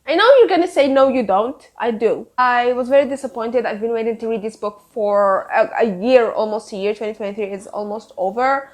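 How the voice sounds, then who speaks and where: A woman's voice: fairly high pitch, a little fast, hardly any pauses, darkish tone. A woman in her twenties giving a casual monthly reading wrap-up, gushing over books, repeating herself and swearing casually. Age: 20s. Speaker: book reviewer.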